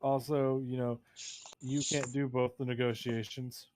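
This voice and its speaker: A man running a tabletop game as game master, narrating in a halting way with many fillers. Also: medium pitch, level tone, a little mellow.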